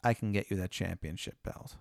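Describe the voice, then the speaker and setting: A man's voice: sits low, brisk, gravelly, dry recording, studio quality, voice pushed down. A man doing a pushy wizard with a bad Maryland accent. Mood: pressing. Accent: bad put-on Maryland accent. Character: pushy male wizard with an awful local accent.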